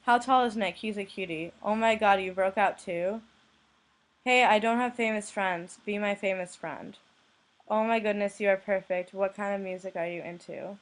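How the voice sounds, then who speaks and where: Young blogger woman reading out her inbox, deadpan, middle-pitched voice. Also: moderate pace. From United States. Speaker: blogger reading anonymous messages. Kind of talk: reading messages aloud to camera.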